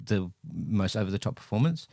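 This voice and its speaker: Low-voiced man in wry, rambling movie talk. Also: expressive, a little fast, gravelly, dark tone, dry recording, clean studio sound. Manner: rambling, self-correcting, wry. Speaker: podcast co-host. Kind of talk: casual movie review chat.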